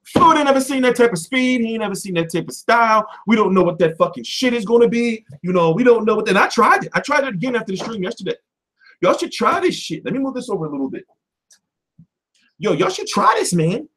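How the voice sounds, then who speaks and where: A man hosting a boxing livestream from home, ranting off the cuff with lots of swearing, switching between loud outbursts and mumbled asides. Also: high voice, very animated, quick pace. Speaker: boxing commentary livestream host. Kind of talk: profane off-the-cuff rant.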